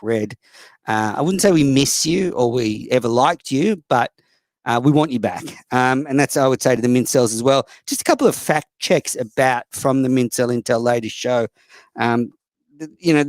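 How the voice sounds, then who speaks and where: A man's voice: medium pitch, dry recording. An Australian man hosting a casual call-in show, blunt, profane and mocking toward callers and other hosts. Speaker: host.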